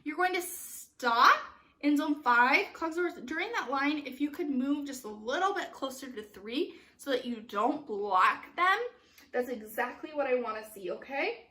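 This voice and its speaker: A woman with a high, bright voice leads an online youth theater class. She talks her students through the blocking in an upbeat, instructive way and keeps checking that they follow. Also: lively intonation, unhurried. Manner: upbeat, instructive, frequent "okay?" check-ins. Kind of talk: online class giving stage directions.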